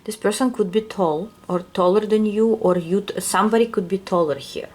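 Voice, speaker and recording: A woman's voice: mid-range voice, steady tone, fairly quick, darkish tone. A woman with a non-native English accent gives a casual tarot reading, musing aloud and searching for words. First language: not English. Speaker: tarot reader.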